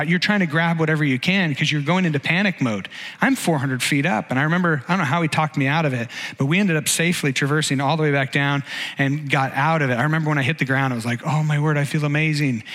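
A middle-aged man preaches a message in a casual, storytelling way, his voice sitting a little high for a man. He often stumbles and restarts mid-sentence. His words ring with the long reverb of a big hall. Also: fast. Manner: conversational, animated storytelling with frequent restarts. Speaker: pastor giving a message. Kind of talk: sermon storytelling.

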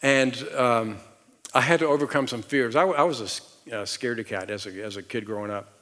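Long hall reverb surrounds this sermon from a large church auditorium, where a middle-aged Southern US pastor talks conversationally, repeating words often and building emphasis. His mid-range voice is fairly bright and moves a little fast.

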